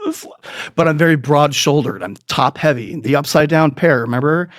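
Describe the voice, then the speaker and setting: A man's voice: moderate pace, no echo, studio quality. Profane rambling man telling comic stories. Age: adult. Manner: profane, rambling, jumps into high squeaky voices for quoted people. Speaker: comedy podcast host. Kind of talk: comic storytelling monologue.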